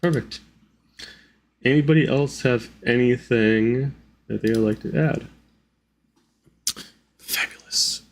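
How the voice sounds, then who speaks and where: A man hosting as dungeon master in a tabletop game, talking casually with halting speech full of fillers. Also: medium pitch, a little hiss or hum.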